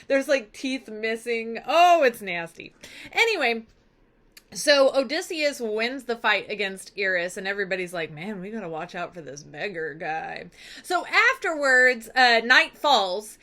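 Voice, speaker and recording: A woman teacher with a fairly high-pitched voice gives her class a chatty, lively recap of a story in a casual literature lesson. She acts out the characters' lines as she goes.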